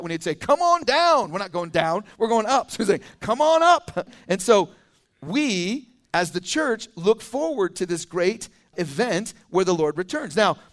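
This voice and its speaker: A man with a notably high-pitched voice preaches a verse-by-verse sermon. He talks in a relaxed, conversational way and drops in lively asides between readings. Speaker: teaching pastor. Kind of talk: expository sermon. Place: church.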